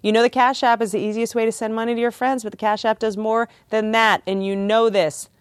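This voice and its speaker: A woman's voice: fairly high pitch, flat delivery, clear, resonant tone, no echo, clean studio sound. A woman hosting a podcast, reading a sponsor ad in a playful, joking way and laughing often. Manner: joking, laughs often, rushes through ad copy. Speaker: podcast host. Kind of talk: playful ad read.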